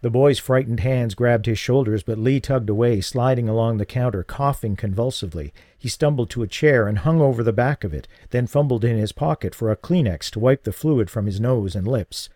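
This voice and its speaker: Male audiobook narrator, steady and even, with a warm, dark tone; dry, close recording. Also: medium pitch, brisk, few pauses, no echo. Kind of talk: scripted narration.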